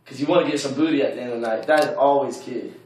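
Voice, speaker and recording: Young male student, frank laid-back bro tone, mid pitch, heavily echoey and off-mic. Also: rapid-fire, darkish tone, far from the mic. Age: young adult. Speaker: student giving dating tips. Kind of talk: casual vlog advice segment.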